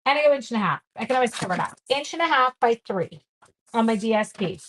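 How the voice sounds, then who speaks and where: A woman's voice: on the high side, lively intonation, fast talker, fairly bright tone. A woman hosting a casual live-stream card-making demo, chatty and self-deprecating, thinking aloud as she works and talking to her viewers. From Canada.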